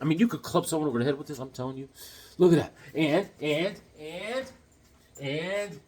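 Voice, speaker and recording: A middle-aged man vlogging casually, excitable and joking as he talks straight to the viewer. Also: a little high, husky. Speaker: comic collector vlogger. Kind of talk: casual show-and-tell vlog.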